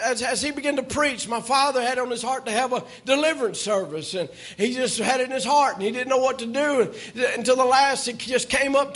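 A man preaching a sermon, telling a folksy story and rising to shouts. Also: extremely high pitch. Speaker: pastor.

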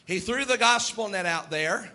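A man's voice: high-pitched, lively intonation, moderate pace, bright, forceful tone. A man preaching a sermon, emphatic and repetitive, acting out the doubts of his listeners. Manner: emphatic, repeats words, acts out quoted doubters.

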